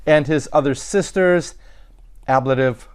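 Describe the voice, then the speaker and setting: A man's voice: fairly high pitch, unhurried, smooth. Man thinking aloud in a lecture. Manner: thinking aloud, with restarts and self-corrections. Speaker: Latin teacher. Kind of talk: recorded lecture.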